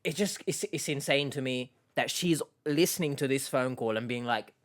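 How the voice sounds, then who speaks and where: A man's voice: medium pitch, normal speed. A man giving sarcastic, exasperated reaction commentary on a video clip.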